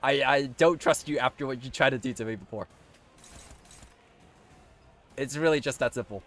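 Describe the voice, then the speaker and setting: A young man live-streaming a game, swearing often and swinging between squealing pleas and low muttering. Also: quick pace, fairly bright tone. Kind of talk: live gameplay commentary.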